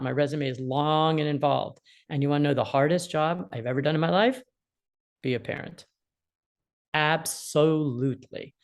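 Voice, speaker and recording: Low-voiced woman in her sixties. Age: 60s. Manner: animated, acts out quoted feelings. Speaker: attorney mediator and parenting guest. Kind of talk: explaining parenting advice.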